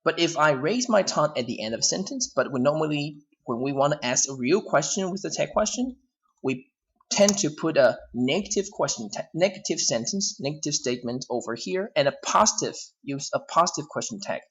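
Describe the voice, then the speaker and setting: A man with a Hong Kong accent gives an English grammar lesson in a classroom style. He explains step by step, often restating himself. His voice moves up and down in a lively, animated way. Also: on the high side, brisk, dull audio. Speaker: English teacher.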